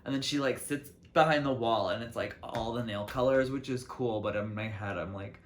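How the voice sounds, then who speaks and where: A man's voice: normal speed, a little hiss or hum. Chatty young man rambling to camera. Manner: chatty, lots of "like" and restarts, lively swings in pitch and loudness. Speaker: host of a solo talk show. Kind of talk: casual rambling monologue to camera. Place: apartment in a big city. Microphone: camera mic.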